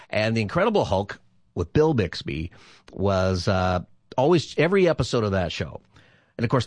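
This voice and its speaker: A man in his fifties with a low voice that swings up and down a lot as he talks. He hosts call-in radio in a chatty, rambling way and laughs often. The sound is close and dry, with no room around it. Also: no echo. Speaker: radio show host and pastor.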